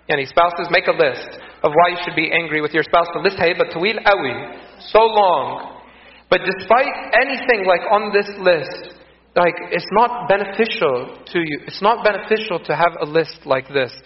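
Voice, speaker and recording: Earnest preacher. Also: male voice, sits high. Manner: earnest, repeats phrases for emphasis. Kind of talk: sermon. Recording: echoey, dull lo-fi room sound.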